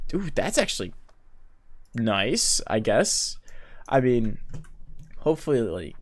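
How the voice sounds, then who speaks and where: A man's voice: mid-range voice, very animated, slow pace. A man giving casual let's-play commentary, chatty and thinking aloud as he reads game text. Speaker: gaming video creator.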